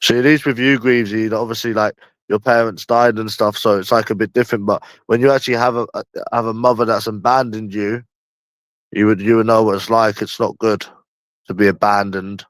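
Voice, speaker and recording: A man with a London accent hosts a casual livestream chat, rambling and repeating himself, sometimes dragging his words out slowly, with slang and swearing. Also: lowish voice, level tone, no room sound. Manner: rambling and repetitive, often slow and drawn out, with slang and swearing. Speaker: livestream host.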